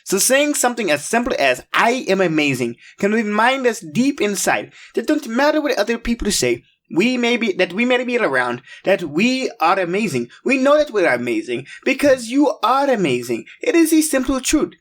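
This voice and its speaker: A man hosting a children's show, coaxing viewers through slow, emphatic call-and-response. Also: extremely high pitch, sing-song, fairly bright tone. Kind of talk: upbeat kids' show hosting.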